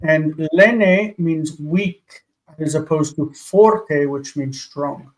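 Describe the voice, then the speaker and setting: A man co-teaching on a live call speaks through an earpiece. His voice sits a little high for a man. He explains patiently and corrects points precisely. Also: very slow, rough recording.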